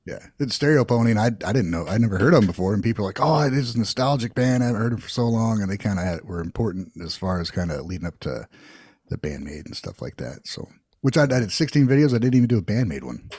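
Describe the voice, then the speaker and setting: A young man co-hosting a podcast, quick and wisecracking. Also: low voice, animated, a little mellow, husky, no echo. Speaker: podcast co-host. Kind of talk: casual podcast chat.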